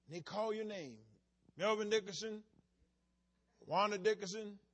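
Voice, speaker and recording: A man preaching a sermon, swinging between soft conversational asides and sudden shouted, rising emphasis. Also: high voice, unhurried. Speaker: pastor.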